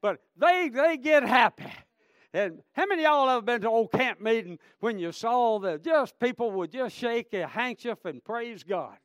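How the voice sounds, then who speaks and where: A man preaching a revival sermon, swinging between shouted praise and hushed storytelling. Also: very high voice, lively intonation, normal speed, few pauses, no room sound. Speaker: traveling preacher.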